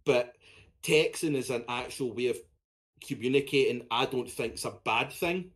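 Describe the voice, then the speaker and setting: A man's voice: medium pitch, normal speed, fairly bright tone. Blunt, sweary man chatting. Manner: blunt, sweary, talks in short bursts. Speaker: podcast co-host. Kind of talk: casual chat.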